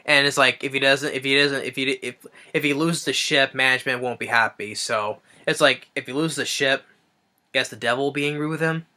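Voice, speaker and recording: A man giving a casual spoken film review, halting and restarting his phrases as he thinks aloud. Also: mid-range voice, steady tone, bright, forceful tone. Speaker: movie reviewer.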